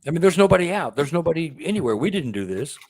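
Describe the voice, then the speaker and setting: A man's voice: fairly high pitch, fast, husky. Emotional man telling a personal story. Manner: emotional, excitable, repeats words when moved. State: close to tears. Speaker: author and guest. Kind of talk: conversational storytelling.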